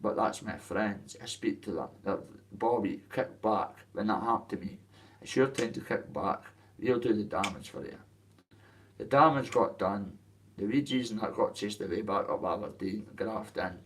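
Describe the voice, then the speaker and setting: A man's voice: fairly low pitch, animated, normal speed, a bit bright, recorded from a distance. A man with a Dundee Scottish accent, ranting to camera about his boxing, in a coarse, rambling way with plenty of swearing. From Dundee, Scotland. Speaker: boxer telling his story. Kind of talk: casual rant to camera.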